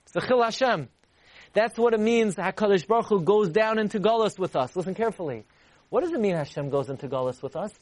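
Male Torah teacher, high-pitched, animated and emphatic, dry close recording. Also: fast, no echo. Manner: animated, repeats for emphasis, rises high to act out voices. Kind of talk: Torah class lecture.

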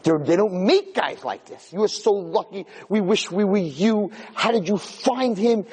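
A man giving a sermon as an animated, excitable storyteller. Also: sits high, measured pace, hardly any pauses, slightly rough. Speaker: lecturer. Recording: long hall reverb.

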